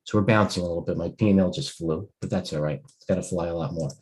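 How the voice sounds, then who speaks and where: A man's voice: low-pitched, quick pace, darkish tone, slightly rough. A middle-aged man hosting a live trading stream, a little tired and rambling as he thinks aloud and interrupts himself. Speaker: stock trading host.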